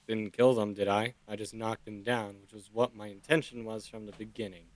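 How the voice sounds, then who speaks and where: A man's voice: on the low side, little pitch movement, fairly quick, dry recording. A man playing his character in a tabletop game, defiant and matter-of-fact. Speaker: player.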